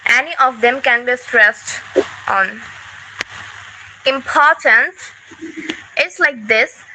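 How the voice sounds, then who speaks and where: A woman student answering oral exam questions, hesitant and reciting with many pauses. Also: high voice, bright, forceful tone, slight background noise, poor audio.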